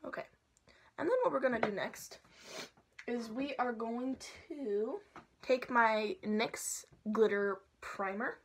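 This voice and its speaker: A young woman chatting casually and playfully through a makeup tutorial at home, sometimes dropping to soft asides. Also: fairly high pitch, slow, slight background noise. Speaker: makeup vlogger.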